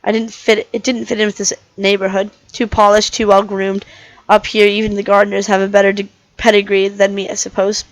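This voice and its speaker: A woman's voice: mid-range voice, monotone, brisk, no room sound, lightly acted, low-quality recording. A woman voicing a weary, cynical male herbivore dinosaur detective, reading a visual novel aloud in first person with small restarts. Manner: plain first-person narration, restarts over misread words.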